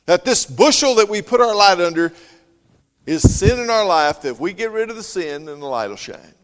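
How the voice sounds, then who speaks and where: A man preaching a sermon, his earnest delivery swelling loud and then dropping soft. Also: high voice, animated, moderate pace, clear, resonant tone, long reverb tail.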